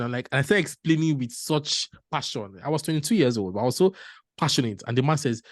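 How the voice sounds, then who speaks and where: A man tells a motivational story with a lively, swooping pitch that rises and falls sharply. He laughs easily and acts out the people in his story, and his voice sounds dry and close, with no room echo. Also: fast talker. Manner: animated, laughs often, acts out dialogue. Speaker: panel speaker.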